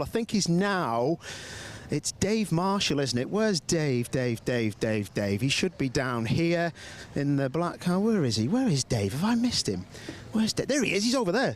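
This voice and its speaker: A man doing live pit lane interviews with drivers, chatty and joking with easy banter, outdoors in a race paddock. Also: a little high.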